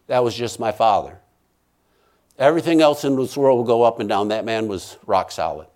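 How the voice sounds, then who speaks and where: A minister tells an emotional personal testimony, repeating phrases for emphasis and swinging from loud pleading to hushed tones. His voice is mid-range and moves at normal speed.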